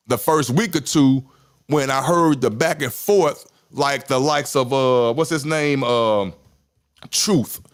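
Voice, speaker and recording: A man, talking candidly in casual chat, rambling, repeating himself and swearing. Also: mid-range voice. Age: 50s. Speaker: podcast host.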